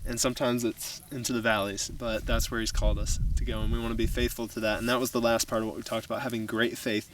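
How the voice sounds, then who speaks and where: A man's voice: medium pitch, flat delivery, fast talker, few pauses, background noise. A man giving a casual, conversational sermon outdoors on a mountain, recorded from a distance. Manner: casual, conversational preaching with fillers. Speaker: youth pastor.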